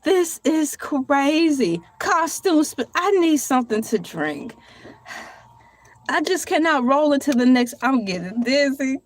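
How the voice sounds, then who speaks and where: Slow, playful woman vlogger. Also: high voice, very animated, no room sound. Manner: playful, theatrical asides and frequent laughter; colloquial, addresses viewers as y'all. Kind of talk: casual solo vlog, reading aloud and joking.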